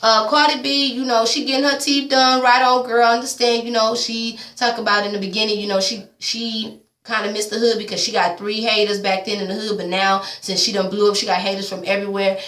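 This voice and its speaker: A woman's voice: a little high, level tone, brisk, fairly bright tone, recorded from a distance. A woman giving a blunt, profane, chatty recap of a reality TV episode, full of casual asides. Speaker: TV recap vlogger. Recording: echoey room, voice away from mic.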